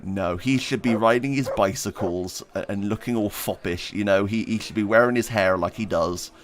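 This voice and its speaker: A streamer with a voice on the low side, talking at a moderate pace, answers viewer questions on a livestream. He reads chat questions aloud while playing, rambling casually, self-deprecating, and laughing often.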